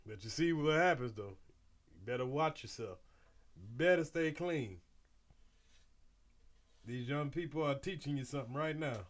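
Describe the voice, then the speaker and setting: A man's voice: on the high side, moderate pace, long pauses. A man hosting a reaction video, giving blunt, slangy commentary and warnings. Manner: blunt, preachy, slangy asides.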